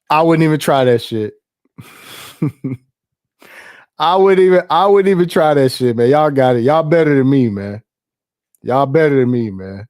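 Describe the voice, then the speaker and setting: His voice is mid-range, darkish and clean. A middle-aged livestream host, he goes through chat and tells profane, loose stories, laughing frequently and repeating himself.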